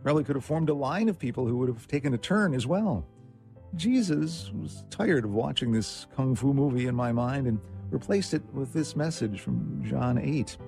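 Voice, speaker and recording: Man reading a story over soft music. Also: medium pitch, expressive, moderate pace, gravelly. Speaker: story segment reader. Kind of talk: scripted narration. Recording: faint instrumental music behind.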